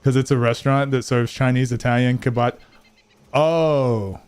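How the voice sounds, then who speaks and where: A man's voice: mid-range voice, steady tone, normal speed, a little mellow, clear, resonant tone. A young man streaming a game late at night, chatting casually with his viewers, rambling and joking, swearing freely, and sounding a bit tired. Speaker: gaming streamer. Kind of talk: casual live-stream chat.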